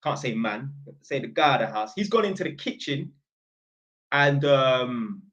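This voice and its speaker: Casually addressing the camera, a young London-accented man from North London uses a mid-range, animated, fairly bright voice at an unhurried pace. He tells a story and rants with blunt, slangy opinions, in lo-fi sound.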